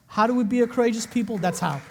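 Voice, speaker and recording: A man preaching a live sermon, telling stories with animated energy and then dropping to quiet, intense urging. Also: very high voice, fast talker, vocal fry, a little hiss or hum. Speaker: pastor. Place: church auditorium, live congregation. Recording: long hall reverb from a live church auditorium.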